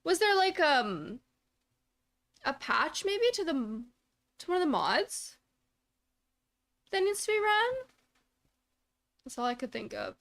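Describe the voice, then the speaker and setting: A young woman streaming live, chatting casually and greeting her chat by name in a bubbly way, trailing off into quieter asides. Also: high-pitched, big pitch swings, unhurried, gravelly, long pauses.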